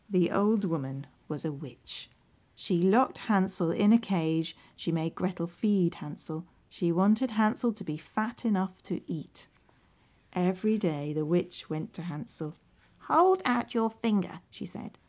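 Lively, mellow woman reading a storybook. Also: on the low side. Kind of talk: children's storybook narration.

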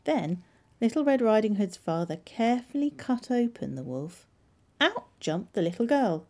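A woman librarian narrating a children's storybook in an expressive, measured way. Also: fairly high pitch.

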